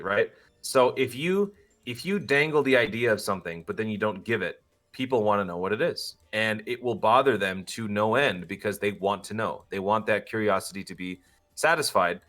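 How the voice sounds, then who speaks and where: A man's voice: mid-range voice, pushed and bright. A man, a voice actor and podcast guest, chatting casually in long, musing stretches. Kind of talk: casual chat.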